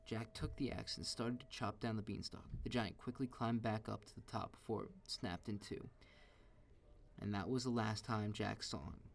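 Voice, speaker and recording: A man reads a children's story aloud in a steady, expressive manner. His voice sits low and carries a gravelly texture. He gives each sentence a storyteller's weight. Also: moderate pace, slight background noise.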